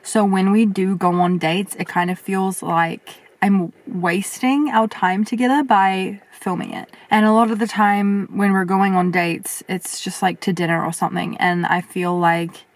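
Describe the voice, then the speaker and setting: A young woman vlogging casually as she answers viewer questions, chatty and reflective, with lots of fillers and a voice that turns a little husky at times. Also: mid-range voice, fairly even intonation, measured pace, few pauses, no echo. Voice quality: sometimes husky. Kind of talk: casual chat.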